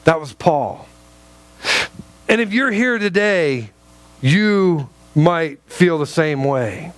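A man's voice: on the high side, animated, takes it slowly. A man preaching a sermon, telling stories and often repeating words as he restarts. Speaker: pastor.

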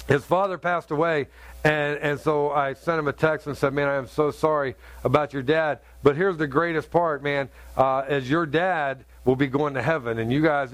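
A middle-aged man preaching a sermon, telling a story in an earnest, halting way with many restarts. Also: a little high, no echo. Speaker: pastor.

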